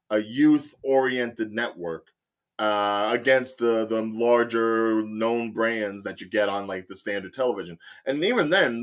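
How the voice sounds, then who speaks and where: A man's voice: fairly low pitch, fairly bright tone. A man hosting a casual podcast chat, rambling through his points with many fillers. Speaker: host.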